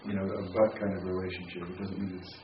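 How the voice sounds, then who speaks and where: A man lecturing in a classroom, relaxed and thinking aloud as he quizzes students. His voice sits a little low and lands from across a roomy space. The recording sounds dull, with a faint hiss behind it. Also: fast, distant mic. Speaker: Hebrew grammar professor. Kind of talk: classroom teaching.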